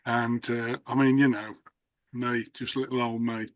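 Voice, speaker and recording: Brief: male host, mid pitch, anecdotal and rambling, dry close mic. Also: flat delivery, unhurried, dry recording. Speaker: host, magician. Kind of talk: casual conversation.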